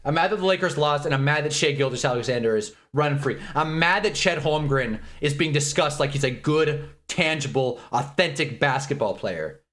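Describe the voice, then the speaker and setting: A man giving a frustrated, sarcastic reaction to a basketball loss, swinging into loud mock outrage now and then, from a home streaming setup. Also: on the high side, normal speed, few pauses. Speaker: sports fan streamer.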